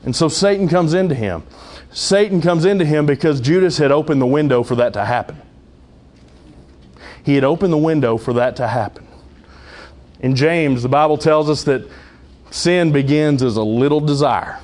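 A man's voice: a little high, moderate pace, long pauses, a little mellow. A man preaching a sermon as pastor, conversational with humorous asides and dramatic retellings.

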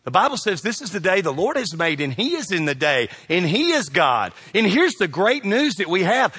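A middle-aged man, a pastor telling funny stories in a sermon, folksy and animated, shouting his punchlines. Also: high-pitched, a little fast, few pauses, breathy edge. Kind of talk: humorous sermon storytelling.

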